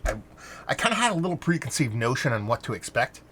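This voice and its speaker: A man at a standalone mic gives a loose, rambling beer review. He restarts sentences often and drops in the odd swear word. A faint hiss sits under his mid-pitched voice. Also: very animated, fast talker. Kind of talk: casual review monologue.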